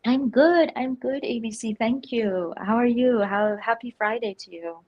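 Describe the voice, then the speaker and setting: A woman talking slowly and easily as a livestream guest, giggly and playful. Her voice sits somewhat high. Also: muffled recording. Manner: giggly, playful, laughs often. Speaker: stream guest. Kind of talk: casual livestream chat.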